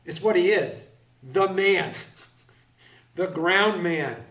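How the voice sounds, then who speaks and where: A man leads a Bible class in a roomy hall, and his voice carries from some distance away from the microphone. His delivery is slow and deliberate as he explains each word carefully, and his voice sits a little higher than most men's. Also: a bit bright. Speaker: Bible teacher. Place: room with a live audience.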